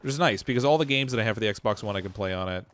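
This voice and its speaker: A man's voice: lowish voice, racing, fairly bright tone. A man from Canada giving casual, jokey commentary while streaming a shooter game. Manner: chatty, laughs often, jokey asides.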